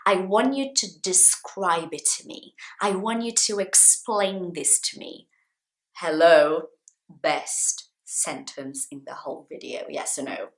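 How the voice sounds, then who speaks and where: A woman teaching an English lesson to camera, repeating example phrases slowly with lively, acted intonation. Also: fairly low pitch. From Brazil. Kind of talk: friendly language lesson to camera.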